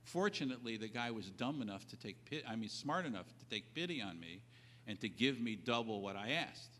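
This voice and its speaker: A man giving animated business advice, stressing key points over and over and acting out both sides of a deal. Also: fairly low pitch, a little fast. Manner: emphatic, repeats key points. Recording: reverberant old audio recording.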